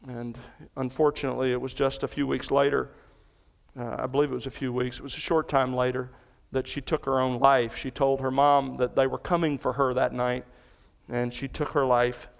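A man's voice: medium pitch, flat delivery, moderate pace, vocal fry, in a large hall. A man preaching a sermon as pastor, explaining scripture verse by verse with earnest emphasis in a large church. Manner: earnest expository preaching, cites scripture references.

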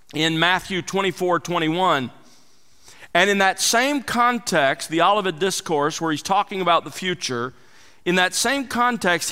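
Bright, resonant male preacher in a hall. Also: on the high side, clear, resonant tone. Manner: emphatic, rising and falling for emphasis. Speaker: pastor. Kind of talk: expository sermon.

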